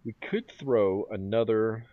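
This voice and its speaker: A man's voice: on the low side, slow pace, lo-fi sound, a little hiss or hum. A man hosting a gaming channel, thinking aloud in casual commentary as he plays a strategy game. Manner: thinking aloud, mumbling and musing. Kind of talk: let's play commentary.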